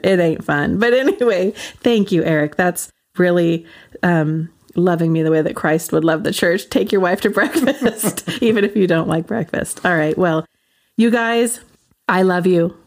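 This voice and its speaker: A woman's voice: fairly low pitch, moderate pace. A woman in her forties hosting a casual faith podcast, rambling with lots of fillers and frequent laughs. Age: 40s. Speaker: podcast host.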